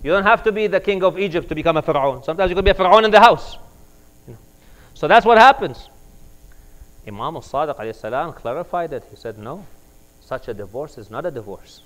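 A man's voice: on the high side, animated, fast talker, a bit bright, poor audio. A man, an imam, giving a conversational sermon and telling stories. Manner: conversational, acts out dialogue. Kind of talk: sermon with storytelling.

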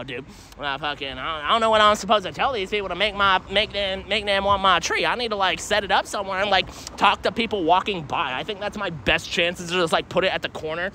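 A young man livestreaming while walking a city street, rambling, swearing constantly, and pitching strangers. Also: sharp tone, slight background noise. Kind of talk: live street streaming.

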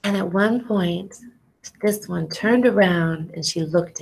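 A middle-aged woman, an ethnobotanist, telling lively stories to students in an animated educational talk over a video call. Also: fairly low pitch, takes it slowly, vocal fry, breathy edge. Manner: animated storyteller, exclamations and acted-out quotes; casual, says y'all.

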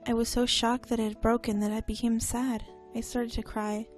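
A woman voicing a young heroine in a game, quietly recalling a childhood memory in a wistful tone. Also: a little high, flat delivery, moderate pace, faint music behind, close to an everyday voice.

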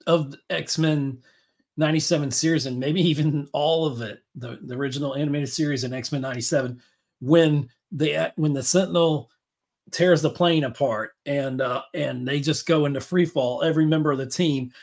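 A man's voice: fairly high pitch, fairly even intonation, normal speed, darkish tone. A man hosting a podcast, talking in a rambling, enthusiastic way with many fillers and restarts. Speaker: podcast host. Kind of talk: casual chat.

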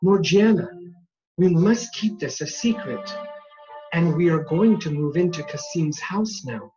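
A steady storybook hero, plain and calm, muffled audio with music behind. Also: male voice, fairly high pitch, unhurried. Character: Ali Baba, steady grown man hero. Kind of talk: graded-reader audiobook acting.

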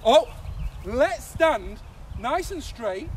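A man coaching young children through a playful movement game, animated and full of sound effects. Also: very high-pitched, very slow, a little hiss or hum. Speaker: kids' soccer coach.

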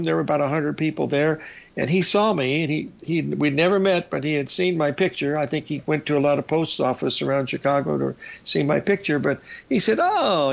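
A man's voice: fairly high pitch, gravelly. An older man hosting a trading talk show, telling rambling anecdotes with restarts and acting out the lines of the people in his stories. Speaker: radio show host and trading educator. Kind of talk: casual storytelling on a talk show. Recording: dull, lo-fi broadcast audio.

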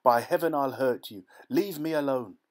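A man reading aloud, voicing a desperate young man cornered by a crowd, shouting with a voice that breaks with emotion. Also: mid-range voice, animated, moderate pace, pitched above the performer's own voice, close to an everyday voice.

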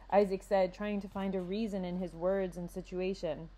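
A woman librarian reading a young adult novel aloud with measured, expressive storytelling. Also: fairly low pitch. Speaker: youth services librarian.

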